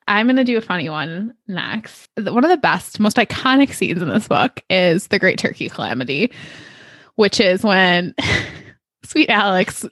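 A woman's voice: mid-range voice, animated, a little slow, fairly bright tone, no echo, clean studio sound. A woman in her thirties co-hosting a book podcast, talking enthusiastically about a favorite novel with lots of fillers. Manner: enthusiastic, gushing, many fillers. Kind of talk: casual book chat.

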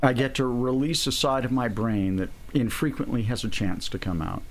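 A man's voice: mid-range voice, normal speed, gravelly. A man guest in a casual chat, modest and understated.

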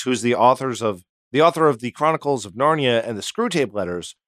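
Man, podcast co-host, casual storytelling, jokey, middle pitch, dry close mic. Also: a bit bright, no echo. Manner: jokey, drops into silly put-on voices.

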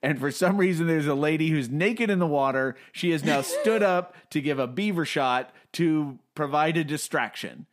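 A man's voice: a little high, normal speed, few pauses. A man co-hosting a podcast, rambling through comic strip panels in casual comedic chat, often restarting and breaking into laughter.

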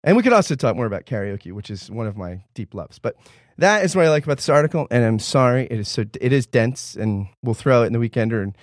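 A man's voice: mid-range voice, fast talker, dry recording, studio quality. A man talking animatedly in a casual roundtable chat, often restarting his sentences. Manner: animated, restless with many restarts.

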